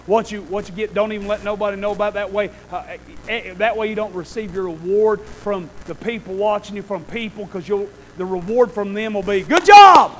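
Male preacher with a very high voice, folksy and animated, calls out for amens, shifts from murmur to shout. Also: slight background noise, low-quality recording. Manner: folksy, animated, keeps asking the congregation "Amen?"; swings between quiet asides and loud shouted bursts. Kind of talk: sermon.

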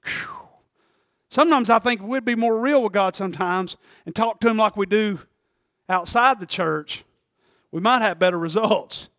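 A male pastor preaching a sermon, moving from quiet scripture reading to shouted, fervent passages. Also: lively intonation, moderate pace, dry recording, studio quality. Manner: swings from low reading to shouting fervor.

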